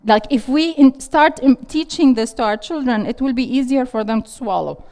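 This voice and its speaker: A woman's voice: sits high, normal speed, darkish tone. A middle-aged woman teaching a parenting workshop, restating audience questions and encouraging them. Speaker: parenting instructor. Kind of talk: interactive parenting workshop talk. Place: classroom with a live audience.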